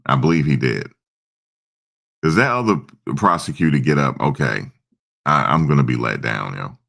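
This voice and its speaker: Male streamer, very deep and gravelly, casual, rambling chat. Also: animated, moderate pace, fairly bright tone. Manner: rambling, chats with viewers' comments. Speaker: livestream host.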